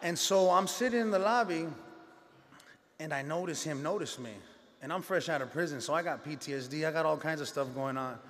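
A man's voice: a little high, fairly quick, fairly bright tone, big-room sound. A man giving a personal testimony speech to an audience, telling his story in a conversational way with street slang and acting out the dialogue. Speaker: speaker sharing his life story at a gala.

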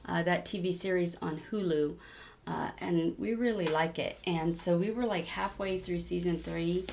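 A woman's voice: fairly low pitch, moderate pace, vocal fry, a little mellow, slight background noise. A woman chatting in a rambling diary-style crafting vlog, with many ums, sounding a bit tired. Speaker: cross-stitch vlogger.

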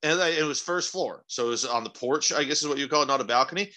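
Young male podcast co-host with a sharp, forceful voice; loose, profane storyteller who spikes upward when excited. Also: fast. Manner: rambling, profane storytelling with sudden excited jumps in pitch. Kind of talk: casual chat.

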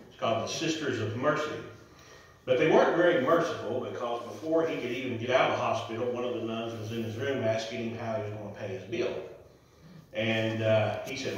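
A man's voice: medium pitch, moderate pace. A man preaching a sermon as pastor, reading scripture and telling stories in a conversational way. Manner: storytelling, conversational. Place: church sanctuary. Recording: echoey church, mic from far off.

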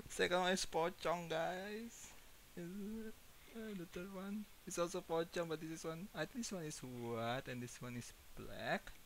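Man with an Indonesian accent, horror game playthrough, nervous repetition, lively pitch, slow unhurried pace, faint hiss. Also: poor audio. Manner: jumpy and nervous, repeats phrases in panic, laughs it off. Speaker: gaming YouTuber. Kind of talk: horror game let's-play.

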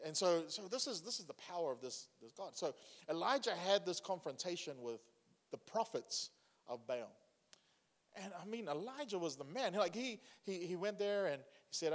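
A man delivers a sermon with loose, chatty energy, often turning to the congregation with questions. His voice sits fairly high for a man. The recording rings with the long reverb of a large hall. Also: moderate pace. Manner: conversational, animated preaching with asides to the congregation. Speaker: pastor.

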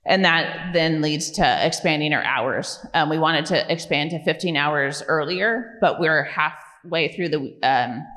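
Woman, low voice, casual presenter, lots of ums, lingering reverb of a meeting hall. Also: a bit bright. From California. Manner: conversational, many fillers like "um" and "right?". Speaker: program director presenting at a community meeting. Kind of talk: informal presentation to a public audience. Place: community meeting room.

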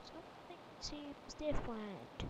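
A woman giving gameplay commentary, chattering to herself with sudden excited exclamations. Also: high-pitched, slow pace, heavy background noise. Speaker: let's play gamer.

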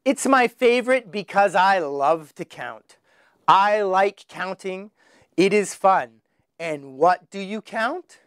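A man teaching children their letters, slowly sounding out each one with exaggerated emphasis. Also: sits high, lively intonation, fairly bright tone, clean tone, dry recording, clean studio sound. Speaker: English teacher. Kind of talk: children's phonics lesson.

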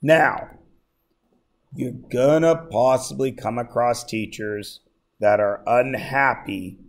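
A man's voice: medium pitch, slow pace. A male math teacher lecturing a class, joking and often checking that everyone follows. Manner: jokey, keeps checking in with the class.

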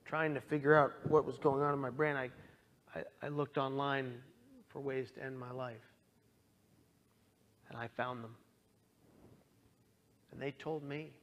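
A young man earnestly telling his own story as a talk, moving from quiet to impassioned. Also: medium pitch, steady tone, measured pace, long pauses. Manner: earnest, swings from hushed to impassioned. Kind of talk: personal testimony talk.

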